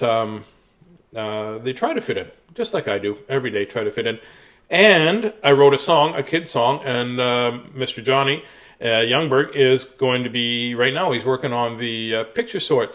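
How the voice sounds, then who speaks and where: A man reading his own picture book aloud to children in a sing-song, playful way, then chatting casually about it. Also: a little high. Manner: sing-song, playful, drops to soft hush at endings. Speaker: children's book reader and author.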